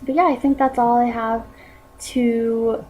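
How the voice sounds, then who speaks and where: A woman's voice: fairly high pitch, level tone, unhurried, dark tone, slight background noise, rough recording. A teenage woman vlogger telling a personal story in a casual, chatty way, full of "like" and "um" fillers. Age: teens.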